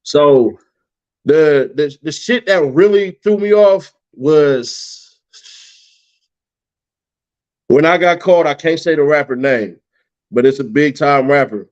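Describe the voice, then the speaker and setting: A man tells a story in loose, profanity-laden slang, jumping into other people's lines as he quotes them. His voice sits a little high for a man. The recording is dull and lo-fi. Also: unhurried. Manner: profane, animated, acts out quotes in a higher voice. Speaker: guest, YouTuber. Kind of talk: casual storytelling. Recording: dull lo-fi sound.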